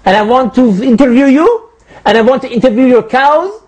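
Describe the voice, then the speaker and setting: A man's voice: extremely high pitch, animated, normal speed, darkish tone, pitched above the performer's own voice. A man voicing a pushy, suspicious male customer who interrogates a butcher in a comedy sketch, demanding and calling everyone brother.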